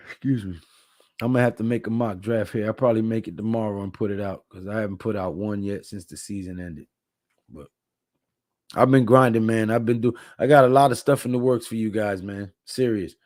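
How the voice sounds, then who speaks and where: Brief: male live-stream host, tired, laid-back, mellow dark tone, dry close sound. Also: lowish voice, animated, a little fast, no room sound. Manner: laid-back, reads chat comments aloud. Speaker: livestream host. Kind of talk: casual live-stream chat.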